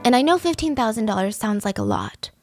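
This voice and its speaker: A woman hosting a true crime podcast, telling a case in a casual, conversational way with lively asides. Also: on the high side, brisk, faint music behind. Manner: conversational, animated asides, raises voice for quoted lines. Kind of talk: casual storytelling narration.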